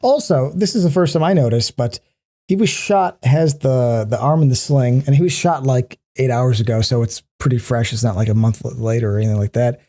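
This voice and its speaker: Dark-voiced man ranting critically. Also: medium pitch. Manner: critical, ranting, swears freely; halting, many restarts. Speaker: podcast co-host. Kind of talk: casual chat.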